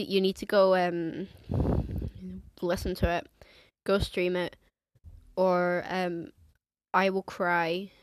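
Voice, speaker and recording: A teenage girl from England hosts a casual solo podcast in a fairly low voice, rambling along with lots of fillers and restarts and cutting herself off. The recording is dry.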